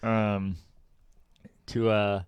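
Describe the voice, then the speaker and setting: An easygoing man co-hosting a podcast, talking conversationally and moving the talk along. His voice is fairly low, smooth and resonant. The sound is dry and close to the mic. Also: little pitch movement, extremely slow, no room sound, muffled recording. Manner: easygoing, conversational, steers the topic. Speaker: podcast co-host. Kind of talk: casual chat. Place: remote recording, like a video call.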